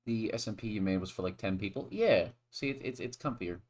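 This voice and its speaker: Give me a low-voiced man chatting over a game stream, talking in loose, rambling stretches full of restarts. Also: lively intonation, a little fast, a little mellow. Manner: rambling, with many restarts and sudden bursts. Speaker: stream co-commentator. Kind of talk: casual gaming chat.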